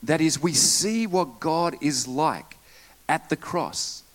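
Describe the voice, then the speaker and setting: Male pastor, animated Sunday sermon, jokey asides. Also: on the high side, takes it slowly. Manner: lively preaching with asides and jokes.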